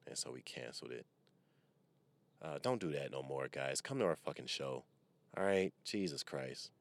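A man with an extremely deep, low-pitched voice talks loosely into a microphone from his parked car. He rambles and wisecracks in a casual, profanity-laced monologue, like a comedian riffing on his own podcast. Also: expressive, moderate pace.

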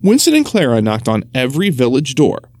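A man reading a children's story aloud in an expressive, storytelling manner. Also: medium pitch, brisk.

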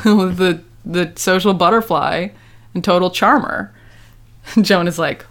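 Speaking slowly in a lowish voice and pausing often, this woman hosts a podcast and gives a casual recap of a TV episode. She performs the characters' dialogue as she goes.

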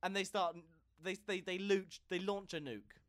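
A man's voice: high-pitched, fairly even intonation, moderate pace, a bit bright. A man co-hosting a comedy podcast, telling a story casually, often repeating words as he goes and laughing. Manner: stammering repetitions, frequent laughs. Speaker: podcast co-host.

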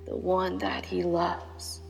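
A woman voicing a frail, mysterious old male vagabond who speaks in a slow, hoarse, gravelly whisper. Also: on the low side, monotone, exaggerated voice. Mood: cryptic. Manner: slow, halting, cryptic. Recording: long reverb with background music.

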